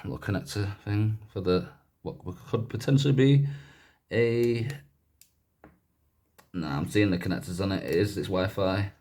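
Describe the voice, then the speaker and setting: A man's voice: fairly low pitch, normal speed, long pauses, a little mellow. A man casually talking through a gadget teardown in a chatty, rambling way, often correcting himself. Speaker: YouTuber doing a gadget teardown.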